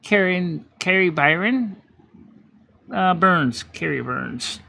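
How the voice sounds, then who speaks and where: Man, fairly high voice, gravelly edge, rambling casual stream chat. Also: a little slow, a bit bright, no room sound. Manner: rambling, with many restarts and self-corrections. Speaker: live stream host.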